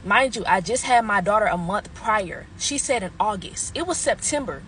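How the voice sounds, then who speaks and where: A woman's voice: medium pitch, animated, moderate pace, a bit bright, a little hiss or hum. Blunt, heated woman telling a storytime. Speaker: mother telling her own story. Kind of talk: casual storytime.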